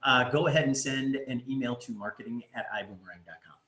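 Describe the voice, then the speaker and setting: A man's voice: mid-range voice, fast talker, pushed and bright. A man co-hosting a casual business recap, who chimes in with agreement and often chuckles. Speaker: company co-host. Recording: roomy echo.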